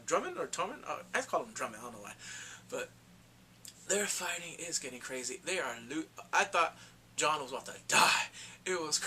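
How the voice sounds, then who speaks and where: An excitable man chatting through a TV episode recap in a loose, slangy way, now and then jumping into little impressions of the characters. His voice sits a bit high and sounds bright and forceful, with a faint hiss of noise behind him. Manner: excitable, slangy, acts out characters in quick asides. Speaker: TV recap vlogger.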